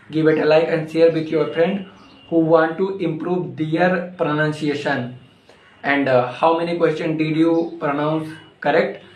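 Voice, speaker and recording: A man teaching pronunciation, repeating single words slowly in a drill. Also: a little high. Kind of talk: pronunciation lesson to camera. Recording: echoey room.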